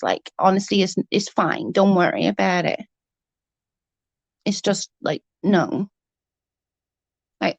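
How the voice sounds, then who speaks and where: A woman's voice: on the low side, creaky, no echo. Heated, swearing woman vlogger. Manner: heated, swears freely, animated retelling. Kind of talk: casual storytelling vlog.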